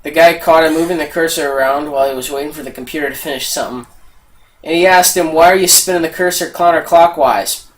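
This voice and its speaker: Animated man reading tech jokes. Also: on the high side, fast, rough recording. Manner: animated joke-telling with loud put-on customer voices. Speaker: podcast co-host. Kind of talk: casual podcast chat, reading tech jokes aloud.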